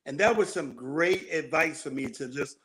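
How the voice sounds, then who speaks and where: Male co-host, a bit higher pitched, relaxed and reflective. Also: moderate pace. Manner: reflective, conversational with many "you know" fillers. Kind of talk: casual chat.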